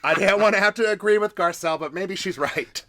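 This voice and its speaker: A man co-hosting a casual podcast, with a fairly high, bright and forward-sounding voice. He tells stories in a chatty, exasperated way. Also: brisk. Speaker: podcast co-host. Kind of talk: casual recap chat.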